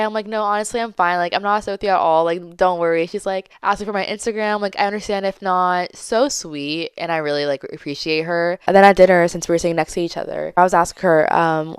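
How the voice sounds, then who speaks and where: A woman's voice: on the low side, steady tone, a little fast, hardly any pauses, clear, resonant tone, dry recording, studio quality. A young woman hosting a podcast, telling a dating story in a chatty, dramatic way and acting out the quoted lines. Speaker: podcast host. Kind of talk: casual storytime monologue.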